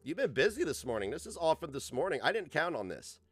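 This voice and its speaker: A man's voice: a little high, big pitch swings, fast, fairly bright tone, husky, dry recording, faint music behind. A man ranting sarcastically in a reaction commentary, mocking and swearing freely. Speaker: commentary streamer.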